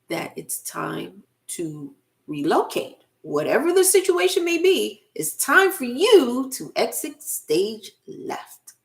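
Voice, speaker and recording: A middle-aged woman speaks as a spiritual life coach, unhurried and deliberate. Her voice carries a gravelly fry, and she leans on repeated phrases for emphasis. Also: fairly high pitch. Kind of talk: casual spiritual motivational talk to camera.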